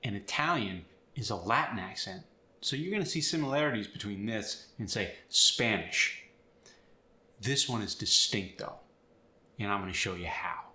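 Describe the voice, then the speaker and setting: A man teaching accents and explaining sounds step by step in an upbeat, clear way. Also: on the low side, expressive, moderate pace, bright, forceful tone, echoey room. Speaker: accent coach. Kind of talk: instructional video.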